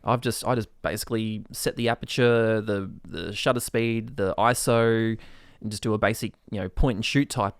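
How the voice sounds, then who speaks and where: A man's voice: lowish voice, moderate pace, smooth, no room sound, clean studio sound. A male podcast host who chats casually and hesitantly, with frequent fillers. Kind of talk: casual chat.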